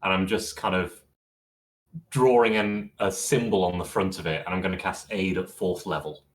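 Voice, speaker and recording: Deep-voiced man playing a cleric. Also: normal speed, slight background noise. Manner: calm, matter-of-fact rules talk. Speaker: player. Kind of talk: tabletop game play.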